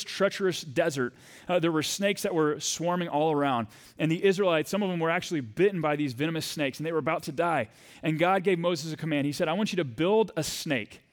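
Male pastor, thirties, slightly high-pitched, conversational sermon delivery building to fervent peaks. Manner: conversational storytelling preacher, rising to fervent emphasis.

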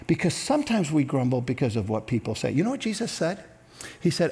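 Male pastor mid-sermon, expressive and a touch high, swings his pitch widely. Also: brisk. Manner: animated, acts out grumbling voices. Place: church with several campuses and an online audience.

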